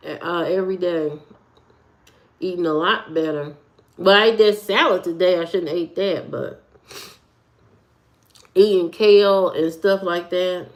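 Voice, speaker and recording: A woman live streaming from home, chatting loosely with viewers and reading their comments in a rambling, talkative way. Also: lowish voice. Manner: rambling, loose and talkative, with frequent fillers and repeats. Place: at home, indoors.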